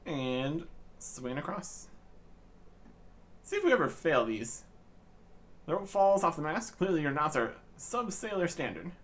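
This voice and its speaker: A man hosting a gaming channel narrates his own gameplay in a let's-play, offering dry, joking commentary. His voice is a little high and a bit bright.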